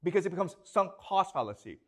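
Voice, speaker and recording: A man's voice: high voice, sing-song, fast talker, fairly bright tone. Guy teaching a class, bouncy up-and-down voice, always asking "okay? you understand?". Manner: repeats questions to students, checks understanding often. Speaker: lecturer. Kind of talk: classroom lecture.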